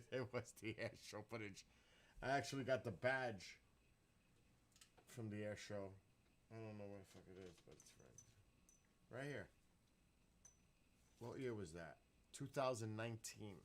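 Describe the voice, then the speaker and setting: A man's voice: fairly low pitch, unhurried, pauses often. A man chatting casually on a live stream, rambling, swearing freely and bursting into laughs. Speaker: livestreamer.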